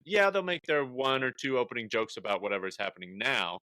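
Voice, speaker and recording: Bright-voiced animated podcast host. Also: male voice, medium pitch, brisk, no echo. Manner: animated, talks through his thoughts out loud. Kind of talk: casual podcast chat.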